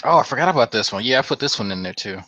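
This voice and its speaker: A man's voice: mid-range voice, expressive, rapid-fire, bright, forceful tone, no room sound, dull audio. A man hosting a casual group video chat, talking loosely, swearing and reading out comments. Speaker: channel host.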